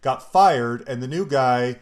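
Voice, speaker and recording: A man's voice: medium pitch, measured pace. Chatty male podcast host. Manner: chatty, curious questioner. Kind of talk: casual interview.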